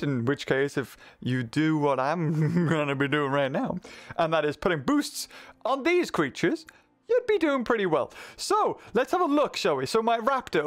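A man with a high, bouncy voice that leaps all over the place chats excitedly through his gameplay, laughing often. He talks from his home desk into a microphone run through a mixer. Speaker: gaming video creator. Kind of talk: casual let's-play commentary.

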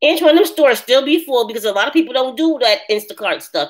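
A woman hosting a casual live chat, answering viewers' comments in an animated way and laughing often. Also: high voice, fast. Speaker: live stream host.

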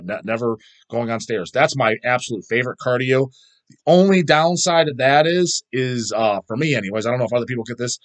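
A middle-aged man chatting casually as a vlog host, rambling and swearing constantly as he answers viewer questions. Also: medium pitch.

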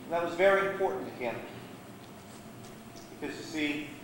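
A man's voice: a little high, expressive, moderate pace, distant mic, noisy background. A man, a guest preacher, telling a sermon story with dramatic, varied delivery in a church sanctuary. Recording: echoey church hall.

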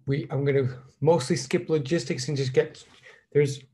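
Male professor, casual online lecture, chatty and scattered, slightly high pitch. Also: fairly even intonation, normal speed, mellow. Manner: rambling, full of fillers, telling corny jokes. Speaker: physics professor.

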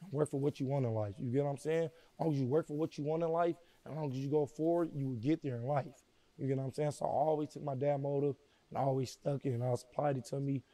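Speaking slowly and quietly, a middle-aged interview guest shares a personal story, frequently tossing in "you know what I'm saying." He has a mid-range voice with a steady tone, and the recording is dry.

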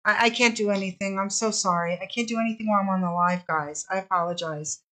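A woman's voice: medium pitch, quick pace, pushed and bright, low-quality recording. A woman hosting a live-streamed fabric sale, chatting casually, gushing over the fabrics and apologizing often.

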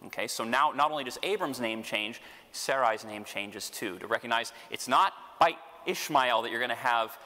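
Bright-voiced priest lecturing with humor. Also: male voice, mid-range voice, normal speed, in a large hall. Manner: animated, chuckling, humorous asides. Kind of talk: Bible study lecture.

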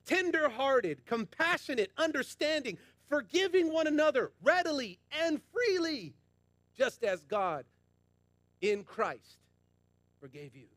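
A man's voice: very high voice, very animated, unhurried, fairly bright tone, dry recording. A man preaching a sermon as pastor, emphatic and colloquial, repeating lines for emphasis and addressing the congregation directly. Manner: passionate, emphatic preaching with repetition.

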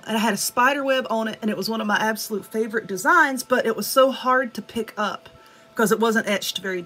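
A woman with a Southern US accent chatting excitedly to viewers as she unboxes nail art supplies, gushing over each item. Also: fairly high pitch. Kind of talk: casual unboxing chat.

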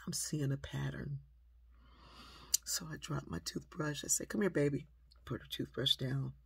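A woman telling a personal story in a lively, conversational way, acting out the people in it. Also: rumbling low, measured pace, creaky, breathy edge, no room sound. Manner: lively, conversational, acts out quotes. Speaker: speaker, storyteller.

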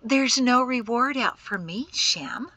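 A spirited, mischievous mother, blithe and playful, as a woman narrator plays her. The voice is bright and slightly high, with lively ups and downs, in a storybook reading. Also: slow pace, no room sound, heavily acted.

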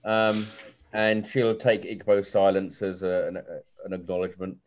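Man, game master, fairly low voice, chatty with lots of ums, dull lo-fi call audio. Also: monotone, normal speed, slight background noise. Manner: chatty, many ums and restarts. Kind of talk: narrating a tabletop game. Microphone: video call.

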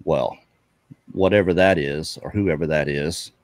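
Southern US man, very low voice, rambling storyteller, dry close sound. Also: unhurried, no room sound. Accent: Southern US (Mississippi). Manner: rambling, detailed, self-correcting. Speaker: guest telling an encounter story. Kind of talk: casual storytelling.

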